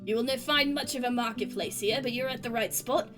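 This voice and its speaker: Woman voicing a humble male vendor, soft-spoken, folksy, gentle, game read-aloud. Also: on the high side, fairly quick, over music, close to an everyday voice.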